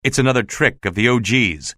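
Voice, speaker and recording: A man's voice: medium pitch, lively intonation, a little fast, sharp tone, dry recording, clean studio sound. A man voicing a nervous, evasive male theater official who dodges questions, in a storybook reading. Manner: sly, evasive.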